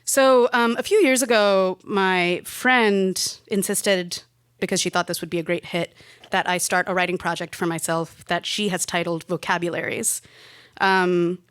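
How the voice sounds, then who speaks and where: A woman's voice: lowish voice, fairly even intonation, a little slow, a bit bright, clean tone, no room sound, clean studio sound. A woman in her late twenties from India telling a personal story to a live audience. She speaks into a handheld stage mic in a chatty, wry way and laughs now and then. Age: late 20s.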